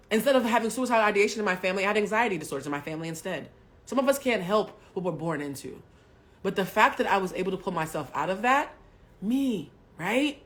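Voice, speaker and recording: A woman in her forties from Haiti, a spiritual coach telling a personal story on a livestream in a blunt, profane way, swinging from loud bursts to hushed asides. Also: on the low side. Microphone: webcam or phone mic on a home livestream.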